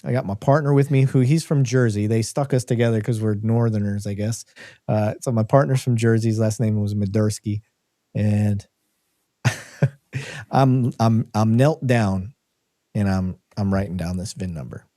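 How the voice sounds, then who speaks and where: A middle-aged man co-hosting a live podcast, telling a story with animated energy and frequent laughter. His voice is mellow and dark, recorded dry and close with no room sound. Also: lowish voice, normal speed, no echo. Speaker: podcast co-host.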